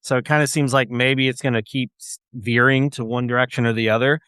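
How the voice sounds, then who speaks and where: Smooth-voiced man running a tabletop game. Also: medium pitch, steady tone, brisk, a bit bright, no room sound. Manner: hesitant, restarts, casual. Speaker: game master.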